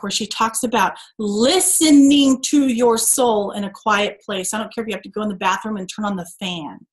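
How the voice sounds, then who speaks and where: Earnest woman giving a motivational pep talk. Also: on the high side. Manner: earnest, preachy, emphatic with rhetorical questions. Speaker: team call speaker.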